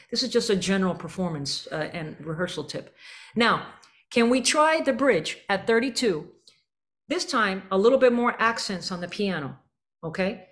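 Woman coaching a band, scatting rhythms. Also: mid-range voice. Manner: energetic, scats and sings rhythms to demonstrate. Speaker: band clinician. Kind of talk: rehearsal coaching with sung examples.

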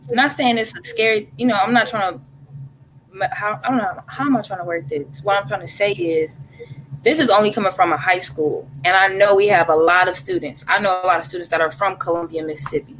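A woman co-hosting a casual chat, pausing and searching for the right words. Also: medium pitch, fairly bright tone, a little hiss or hum, rough recording. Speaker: co-host.

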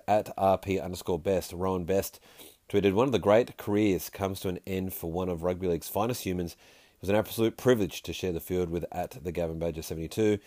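A man hosting a podcast in a casual, jokey way, reading listener tweets aloud with quick asides. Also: deep voice, a little mellow, no room sound, studio quality. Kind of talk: casual chat.

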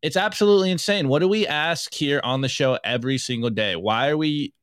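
A man's voice: a little high, fairly quick, a bit bright, clear, resonant tone, no echo, clean studio sound. A man co-hosting a podcast, talking casually and emphatically, with frequent restarts and an indignant edge. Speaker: podcast co-host. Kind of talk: casual opinion chat.

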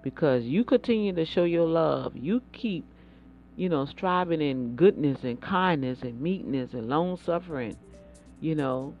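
A woman's voice: low-pitched, a little slow, muffled recording. Fervent preacherly woman over faint music. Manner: fervent and preacherly, repeats words, bursts of excitement. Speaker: inspirational speaker. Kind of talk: motivational faith talk.

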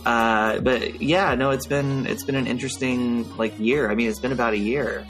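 A man's voice: medium pitch, steady tone, moderate pace, fairly bright tone, soft background music, poor audio. A young adult man with a nasal voice, co-hosting a casual academic podcast and talking in a rambling, hesitant way full of fillers. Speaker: podcast co-host.

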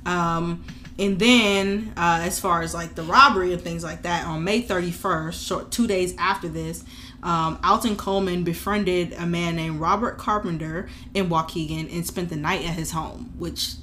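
Bright-voiced woman telling a crime story. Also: fairly low pitch, fairly even intonation, moderate pace, a little hiss or hum. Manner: loose slangy storytelling, laughs often. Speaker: true crime podcast co-host. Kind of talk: casual chat.

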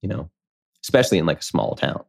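A man's voice: rumbling low, big pitch swings, fast talker, vocal fry, breathy edge. A man in his thirties, a podcast guest, telling a candid personal story in a casual, rambling way, full of "like" and acted-out quotes. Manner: candid, rambling, heavy use of "like", acts out quoted voices.

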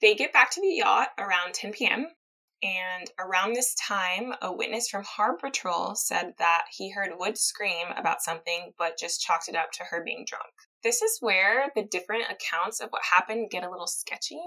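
Woman, bright voice, casual podcast host, reads quotes, laughs easily. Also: medium pitch, moderate pace, poor audio. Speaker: podcast host telling a true-crime story. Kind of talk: casual storytelling chat.

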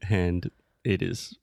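Male podcast co-host, low and gravelly, patient teacher, dry close recording. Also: no echo. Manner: explains words patiently, corrects gently. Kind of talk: casual chat teaching English.

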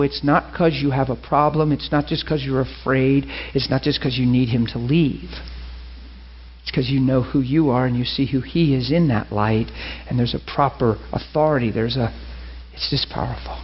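A man's voice: mid-range voice, slightly rough, dull audio. A male preacher giving an emphatic, story-driven sermon. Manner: emphatic, storytelling, laughs often.

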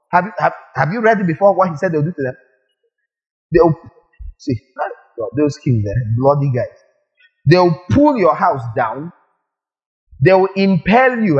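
A male preacher giving a lively sermon, firing rhetorical questions at the congregation and acting out little scenes. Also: high-pitched, highs cut off.

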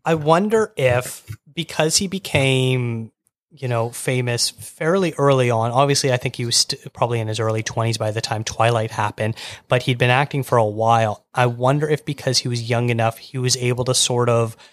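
A man's voice: medium pitch, moderate pace, no room sound. A man in his middle register hosts a casual podcast talk, recorded dry with almost no room sound. He works his thoughts out as he goes, with false starts and frequent laughter. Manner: thinks aloud with restarts, laughs often. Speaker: podcast host.

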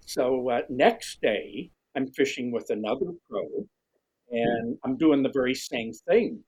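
A middle-aged man with a husky voice, telling a lively story as an interview guest, often restarting his sentences. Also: measured pace, low-quality recording. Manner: animated storyteller, restarts often, jumps high when quoting others. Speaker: guest, fishing writer. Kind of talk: storytelling conversation.

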